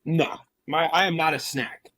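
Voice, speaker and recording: Animated laughing man telling stories. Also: a little high, moderate pace, no room sound. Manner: animated storyteller, laughing often. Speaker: podcast guest. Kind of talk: casual chat.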